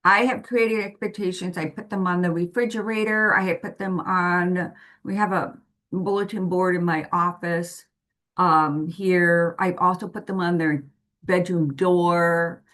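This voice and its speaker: A woman with a slightly low voice guides parents through a talk, unhurried and deliberate. She explains patiently and leans on everyday examples to make each point clear. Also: steady tone, a bit bright. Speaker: parent guide presenting to families. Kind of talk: slow, explanatory presentation to parents.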